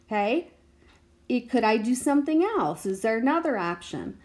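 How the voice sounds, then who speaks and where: A woman's voice: fairly high pitch, expressive, moderate pace. A woman teacher walking through a math practice lesson, patiently thinking aloud and checking in with her students. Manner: patient, checks in with "okay?" and "right?".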